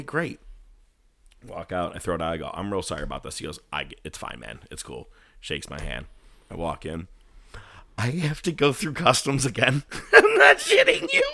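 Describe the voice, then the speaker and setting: A man casually telling a story, animated, swearing and laughing at his own misfortune. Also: medium pitch, normal speed, gravelly, pauses often. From California.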